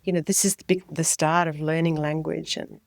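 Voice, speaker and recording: A middle-aged woman, a child health nurse and midwife, giving clear, lively parenting advice in a podcast interview. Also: low-pitched, fairly quick, a crowd in the background. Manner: explanatory, lively when voicing babies and parents.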